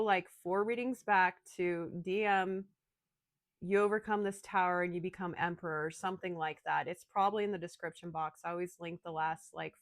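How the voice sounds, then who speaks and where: A woman giving an emotional, excitable channeled tarot reading, speaking straight to her viewers. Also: fairly low pitch, no echo. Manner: emotional, excitable, addresses listeners as darling. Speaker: tarot reader.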